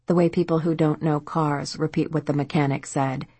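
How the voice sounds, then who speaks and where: A woman narrates a novel in a calm, even storytelling manner. Her voice is low and husky. The recording is dry and close, with no room sound. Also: moderate pace, hardly any pauses, no room sound. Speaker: audiobook narrator. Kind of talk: scripted narration.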